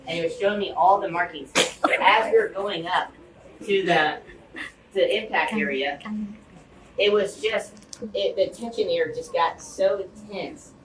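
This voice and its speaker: A man's voice: high-pitched, measured pace, long pauses. A man tells a personal story to a community gathering, restarting phrases and tossing in fillers as he goes. His voice comes from a distance in a roomy, echoey hall. A faint hum sits under it. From Los Angeles area, United States. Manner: animated, rambling storyteller who restarts phrases and uses "like" and "you know" often. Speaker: speaker addressing a community group. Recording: echoey room, mic far off, faint hum.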